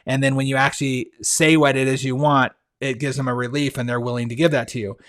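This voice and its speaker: A man's voice: mid-range voice, little pitch movement, fast, a bit bright. Enthusiastic male podcast host. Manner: enthusiastic, conversational, frequent fillers and restarts. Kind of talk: casual monologue recommending books.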